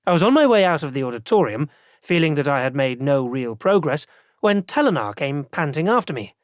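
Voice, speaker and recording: Male audiobook narrator, first-person, measured reading, dry studio sound. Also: fairly high pitch, sing-song, no room sound.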